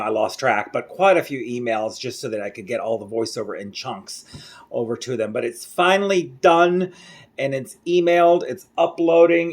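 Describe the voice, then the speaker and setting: A Mexican-raised man with an American English accent, rambling casually through a daily home video diary. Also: mid-range voice. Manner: rambling, chatty, self-correcting. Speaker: vlogger.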